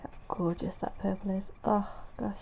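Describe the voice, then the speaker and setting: A woman's voice: mid-range voice, fairly even intonation, normal speed, vocal fry, warm tone. A tired woman chatting and mumbling as she paints in a casual crafting tutorial. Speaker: craft vlogger. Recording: tinny phone-like sound, faint noise.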